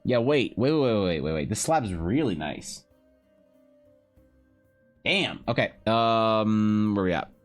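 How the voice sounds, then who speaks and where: A man streaming live while drawing, chatting casually in a rambling, joking way with animated asides. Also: fairly low pitch, slow pace, pauses often, soft background music. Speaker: streamer and game master. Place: home streaming setup.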